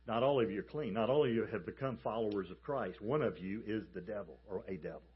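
A man preaching a sermon as a pastor, emphatic and animated as he tells a story. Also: on the low side, fast, husky, muffled recording. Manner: emphatic, animated storytelling with calls for the congregation to repeat.

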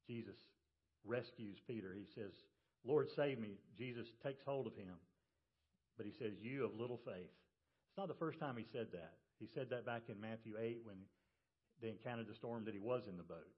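A male pastor preaching a sermon to his congregation in a relaxed, storytelling way. He drops his voice low for quoted words. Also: normal speed, dull audio. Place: church service.

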